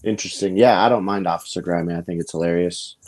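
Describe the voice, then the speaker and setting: A grappling coach from Colorado talks as a podcast guest in a laid-back, easygoing way. His voice is very low and mellow. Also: steady tone, quick pace. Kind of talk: casual podcast chat.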